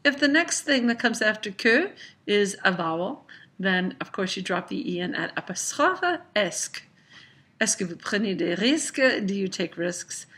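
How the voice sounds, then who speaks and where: A woman teacher explaining grammar clearly in a recorded lesson, reading slow example sentences. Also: medium pitch, lively intonation, a bit bright. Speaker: French teacher.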